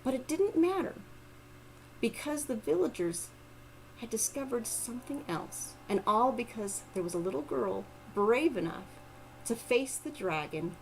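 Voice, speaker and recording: Expressive woman storyteller. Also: a little high, measured pace, creaky, slight background noise, low-quality recording. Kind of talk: oral storytelling.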